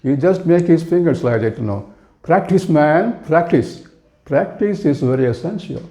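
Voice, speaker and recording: A man's voice: mid-range voice, mellow. A man with an Indian accent teaching spoken English to viewers, rambling earnestly with many "you know" fillers. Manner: earnest, addresses viewers directly.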